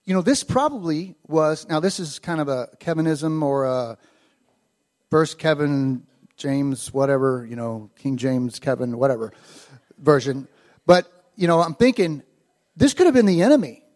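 Male preacher, informal storytelling delivery, a touch high-pitched, acts out the quotes. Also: animated, normal speed, a little mellow. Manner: conversational, acts out quoted lines with rising animation. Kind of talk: casual storytelling sermon.

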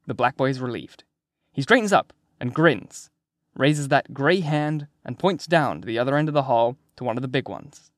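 A man narrating an audiobook in the first person, with steady storytelling and vivid emphasis. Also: medium pitch, normal speed, no room sound, clean studio sound.

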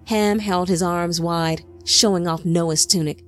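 A woman narrating a scripted biblical-style story in a measured storytelling manner. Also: on the low side, steady tone, faint music behind.

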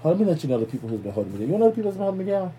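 Male podcast host, warm dark tone, loose and profane casual banter. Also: a little high, very animated, very fast, slight background noise. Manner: loose, profane, playful shout-outs. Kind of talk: casual chat.

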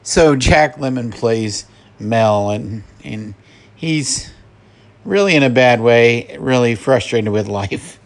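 Slow, chuckling podcast host man. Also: medium pitch. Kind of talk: casual film recap.

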